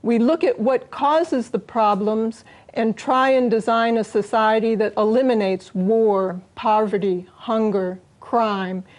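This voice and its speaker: A woman's voice: fairly high pitch, slow pace, few pauses, a little mellow. A woman, a guest in an interview, giving earnest answers and sometimes restarting her phrases.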